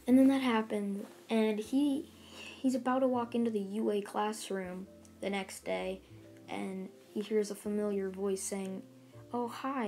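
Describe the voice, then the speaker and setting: A woman's voice: medium pitch, dark tone. A woman casually retelling a fan story, rambling along with lots of fillers and restarts.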